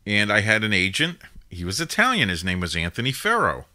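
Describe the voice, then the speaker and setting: A man's voice: on the low side, huge pitch swings, fairly quick, pushed and bright. A man in his fifties hosting a live call-in show, telling a family story in a rambling, casual way full of asides. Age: 50s. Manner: rambling, digressive, with frequent "now" and "you know" asides.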